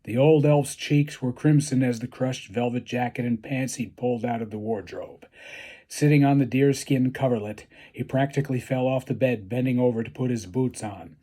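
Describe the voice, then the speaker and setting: Husky-voiced man reading a story deadpan. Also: medium pitch, normal speed. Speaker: author reading his own story. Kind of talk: read-aloud storytelling.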